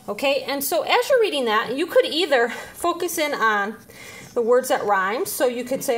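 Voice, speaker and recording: A woman teacher casually demonstrating reading activities, slightly out of breath, pausing often with "um". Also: on the high side, big pitch swings, a bit bright. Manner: chatty, with frequent "um" pauses while handling letters.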